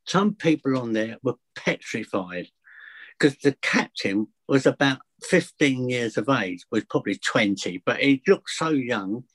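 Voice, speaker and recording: A man's voice: mid-range voice, expressive, measured pace, a bit bright. Chatty man telling anecdotes. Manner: chatty anecdotes with acted dialogue. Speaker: fear of flying coach. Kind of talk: casual storytelling interview.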